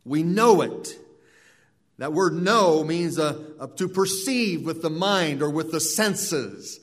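A man delivers a sermon in an earnest preaching voice that sits a little high for a man. He often repeats words and restarts his phrases as he works through a point. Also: animated, slow, fairly bright tone. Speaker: pastor.

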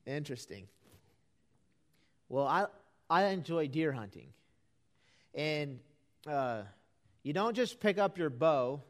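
A man's voice: a little high, a bit bright. A man preaching a folksy, conversational sermon to a live congregation in an auditorium, building to earnest emphasis.

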